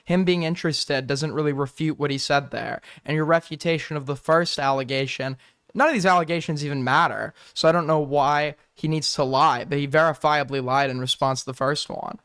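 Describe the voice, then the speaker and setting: A man's voice: on the high side, fairly even intonation, brisk, fairly bright tone, clean tone, no echo, clean studio sound. A young man hosting a reaction commentary, incredulous and mocking, swearing freely and laughing at what he watches. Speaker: commentary host.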